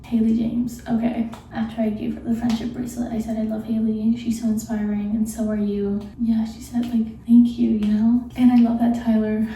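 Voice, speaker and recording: A young woman telling a late-night story in a hushed, half-whispered voice, giggling and gushing as she talks. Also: fairly high pitch, monotone, normal speed, hardly any pauses. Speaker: vlogger. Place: room at night before bed. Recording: very echoey room, mic far off.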